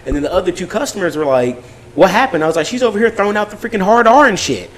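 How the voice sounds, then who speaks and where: A man co-hosting a podcast, telling a story in a casual, animated way, full of swearing and acted-out quotes. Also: high voice, rapid-fire, a little hiss or hum, low-quality recording. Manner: animated, profane, acts out quotes. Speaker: podcast co-host.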